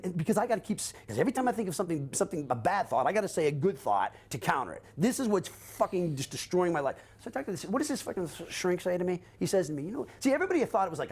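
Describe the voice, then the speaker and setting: Older man, brisk, high-ish and lively delivery, profane storyteller. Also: breathy edge. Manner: fast, animated, swearing often, acting out quotes. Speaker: guest recounting his life.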